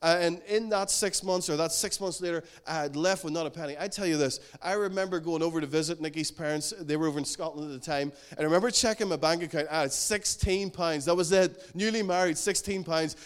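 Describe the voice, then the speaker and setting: A man's voice: on the high side, quick pace, hardly any pauses, clean tone. Man preaching, earnest and emphatic, slightly raised voice, repeats for weight. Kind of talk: sermon.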